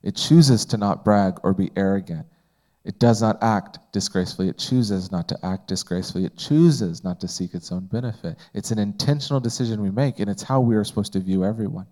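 A man's voice: lowish voice, a little fast, a little mellow. A man teaching a Bible study in a conversational way, asking the group questions and often using fillers.

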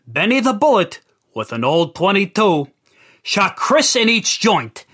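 A man narrating a dark comic rhyming tale with a theatrical delivery. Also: high-pitched, very animated, a little slow. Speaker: storyteller.

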